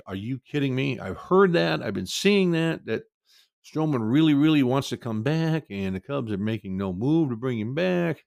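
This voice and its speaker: A man hosts his sports talk show, venting with mock quotes and rising exasperation. His voice is gravelly and fried. The sound is close and dry, with no room. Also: fairly high pitch, no room sound. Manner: frustrated ranting, mocking quotes.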